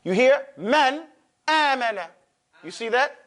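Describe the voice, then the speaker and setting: High-voiced man teaching a class. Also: expressive, takes it slowly, fairly bright tone. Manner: drills pronunciation, checks in with "okay?". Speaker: Quran recitation teacher. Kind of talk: classroom lesson.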